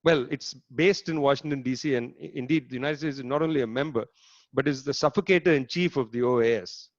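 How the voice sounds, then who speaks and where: A man giving a political lecture in an animated, sardonic way, stressing words and putting rhetorical questions to his audience. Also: mid-range voice, fast, no echo, lo-fi sound. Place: online talk, home setup.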